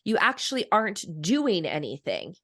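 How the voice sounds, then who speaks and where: A woman's voice: medium pitch, wildly swooping pitch, moderate pace, a bit bright, no room sound, clean studio sound. A woman in her thirties, a coach and author, talking reflectively in a podcast interview and laughing often.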